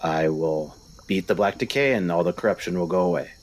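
Earnest would-be paladin guy, a man playing him, very deep voice, halting and sincere. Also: slightly rough. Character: earnest young male would-be paladin, Kangor.

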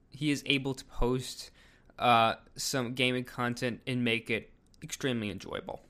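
A man's voice: mid-range voice, fairly bright tone, clear, resonant tone. A man giving casual video commentary, rambling with lots of fillers. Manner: rambling, filler-heavy delivery.

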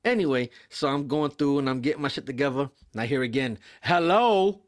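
A young man with a medium-pitched voice tells a profane, animated story on a podcast about his job as a mail carrier. He acts out other people's lines in quick voices, keeping it casual.

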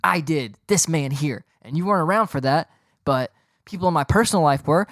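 A man's voice: a little high, brisk, fairly bright tone, no room sound, clean studio sound. A young man hosting a podcast, rambling and joking in a boastful, casual way. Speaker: podcast host.

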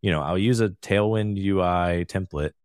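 Deep-voiced man, rambling casual podcast chat. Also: normal speed, darkish tone, clean tone, dry recording, clean studio sound. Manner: rambling, filler-heavy, laughs often. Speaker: podcast co-host.

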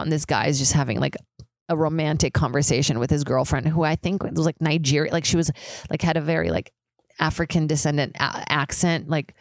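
A woman's voice: low voice, creaky, darkish tone, dry recording. A young woman hosting a solo podcast, rambling and profane, with many "like" fillers. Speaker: podcast host. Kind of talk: casual solo podcast monologue. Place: high-rise apartment with street sirens outside.

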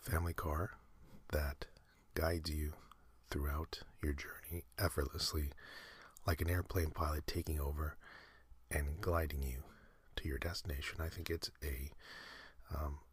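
A man hosting a sleep podcast, talking in a soft breathy whisper, slow and meandering with many fillers. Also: extremely low pitch, little pitch movement, no room sound. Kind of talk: rambling whispered sleep talk.

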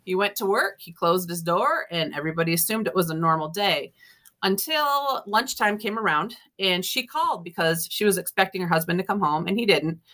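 A woman with a lowish, brisk voice appears as a guest author in an interview, casually telling ghost stories. She's a lively storyteller who acts out other people's lines as she goes and laughs often.

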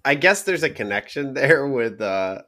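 A man with a mid-pitched, expressive voice thinks out loud during a podcast chat. He hesitates and circles back as he pieces his thoughts together. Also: normal speed. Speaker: podcast co-host. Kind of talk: casual chat.

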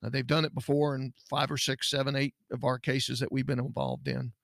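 A middle-aged man hosts a podcast with a gravelly, creaky voice. He talks in a folksy, earnest way and often restarts his sentences. The sound is close and dry. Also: medium pitch, little pitch movement, brisk, fairly bright tone, no echo. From Texas. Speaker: podcast host, private investigator. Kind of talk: casual podcast talk.

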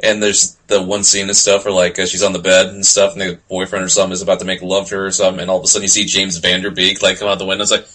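A man's voice: low-pitched, completely flat delivery, racing, hardly any pauses, sharp tone. A man in casual podcast chat who talks loosely and laughs easily. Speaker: podcast co-host.

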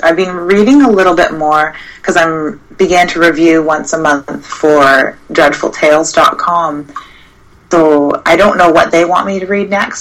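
A woman's voice: deep voice, fairly bright tone, rough recording. A woman, a horror writer, chatting casually and somewhat hesitantly about her writing. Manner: rambling, hesitant. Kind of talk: casual chat. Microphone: remote call mic with feedback.

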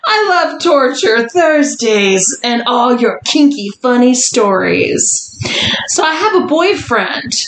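An exasperated young woman with a thick New Jersey accent, as a woman puts her on. The reading is broad and comic, with a lively swooping pitch. It is captured in a roomy space with steady background noise. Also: slow pace, full character voice. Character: annoyed young woman letter writer.

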